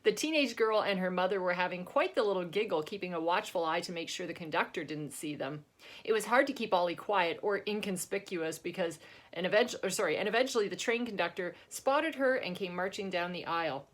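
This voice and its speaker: A woman's voice: lowish voice, a little fast. A woman author chatting casually about her book and reading from it. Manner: chatty, laughs often, restarts.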